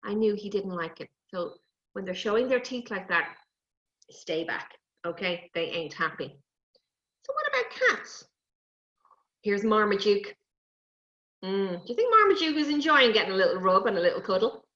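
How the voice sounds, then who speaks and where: Animated woman teaching small children. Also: medium pitch, normal speed. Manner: animated, coaxing, talks to puppets and kids. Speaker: children's presenter. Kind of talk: lively lesson for young children. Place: indoors, recorded for an online event. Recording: dull, roomy live stream audio.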